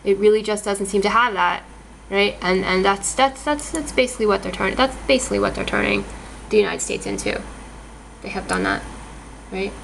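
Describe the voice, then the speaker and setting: A woman's voice: mid-range voice, fairly quick, gravelly, a little hiss or hum, rough recording. A woman talking to her camera in a casual monologue, agitated, often repeating and restarting her words. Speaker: vlogger.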